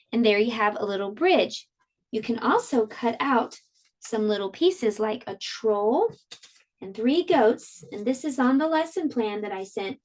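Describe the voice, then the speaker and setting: A woman with a fairly high, slightly mellow voice leads an online preschool class. She walks the little ones through a science activity and reads them a storybook, speaking slowly in a sing-song manner.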